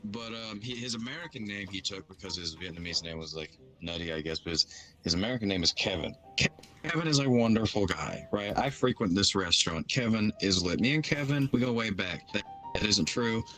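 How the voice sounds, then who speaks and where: A man's voice: lowish voice, brisk, sharp tone. A young man casually telling a rambling, slangy story in a voice chat, laughing at his own jokes. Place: online voice chat at home. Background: music playing.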